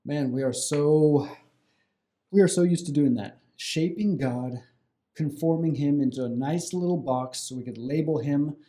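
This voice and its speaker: A man hosting a casual interview, relaxed and reflective, often affirming his guest. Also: fairly high pitch, measured pace. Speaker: podcast host.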